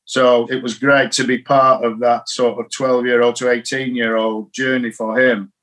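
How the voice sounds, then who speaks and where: An older man from England, a cricket coach telling a lively story in an interview, acting out the lines he quotes. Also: medium pitch, moderate pace. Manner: anecdotal, animated, acts out quoted lines.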